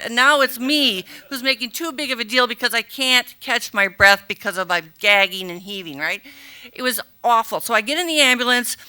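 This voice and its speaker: A middle-aged woman telling a comic true story live on stage, animated and self-mocking, acting out gasps and the people around her. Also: on the high side, clear, resonant tone.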